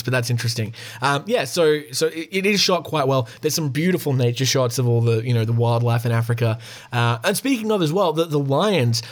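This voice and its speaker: A man giving a casual, rambling film review, frank and profane, with frequent fillers and chuckles. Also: mid-range voice.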